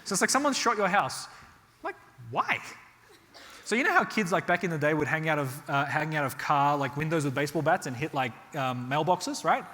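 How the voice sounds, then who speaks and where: An Australian man runs a real estate workshop before a live crowd, his voice on the high side and brisk. He tells animated stories, tossing in a rhetorical "right?" again and again, and the sound carries hall reverb.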